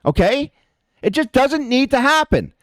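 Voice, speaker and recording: A man's voice: very high voice, sing-song, measured pace, a bit bright, no echo. A man hosting a livestream, ranting in a heated, profane way and talking straight to his chat viewers. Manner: addresses chat viewers directly. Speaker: livestream host. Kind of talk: livestream rant.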